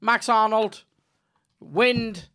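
A man putting on the voice of an excitable football commentator, calling out names in a high, shouted sing-song. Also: very slow, clean tone, exaggerated voice. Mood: excited. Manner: shouted, high-pitched play-by-play.

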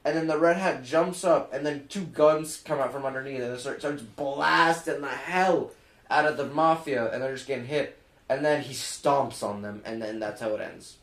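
A man's voice: mid-range voice, normal speed. A teenage boy co-hosting a podcast, telling a story in a rambling way, stringing it together with "and then" and "like". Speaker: podcast co-host. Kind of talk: casual storytelling. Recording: roomy home recording.

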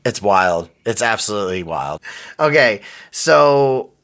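Give me an eager podcast host with a low voice and a sharp, bright edge who swears as he reacts. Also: animated. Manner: enthusiastic, swears freely, quick reactions. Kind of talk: casual interview chat.

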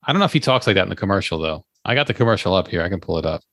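A man's voice: deep voice, lively intonation, rapid-fire, a bit bright, no echo, studio quality. A man hosting a podcast who chats casually, laughs often and acts out little bits. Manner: laughing, storytelling, doing bits. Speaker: podcast host. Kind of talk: casual chat.

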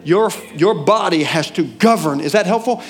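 A man preaching a sermon in a church with a Southern US accent, animated, questioning the congregation and swinging between loud and hushed. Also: high voice, moderate pace, faint music behind. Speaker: pastor.

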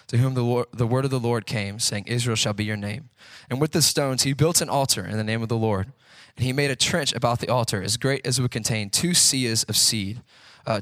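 A man's voice: mid-range voice, fairly bright tone, no room sound. A man preaching a sermon in a conversational way, asking rhetorical questions and acting out the quotes he tells. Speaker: pastor.

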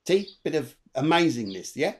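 A man's voice: on the high side, sing-song, normal speed. A man co-hosting a live online show, giving a chatty, rambling tarot reading and repeating his phrases. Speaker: tarot reader and co-host.

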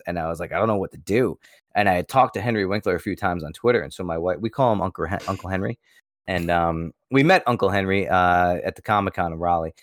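A man's voice: low voice, expressive, fast, a bit bright, no room sound, studio quality. An American man co-hosting a podcast, telling a story in a rambling, casual way, repeating words and swearing now and then. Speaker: podcast co-host.

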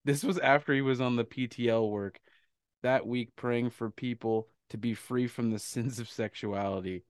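Male podcast co-host, laughs a lot, profane, mid-pitched, dry close-mic sound. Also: moderate pace, clear, resonant tone, no echo. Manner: laughs often, profane, animated. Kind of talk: casual chat, reading a listener story.

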